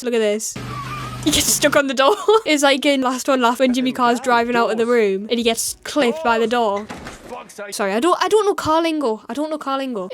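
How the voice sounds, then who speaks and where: A woman's voice: fairly high pitch, a little hiss or hum. A British woman hosting a comedic reaction video, talking in a sarcastic, rambling way with self-mocking asides.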